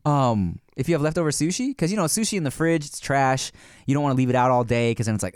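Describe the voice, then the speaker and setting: A man's voice: mid-range voice, animated, fast, darkish tone, clear, resonant tone, no echo, clean studio sound. A man in his thirties who chats casually on a podcast, rambling with fillers and swearing. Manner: rambling, profane, lots of fillers and laughter. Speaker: podcast co-host. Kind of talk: casual chat.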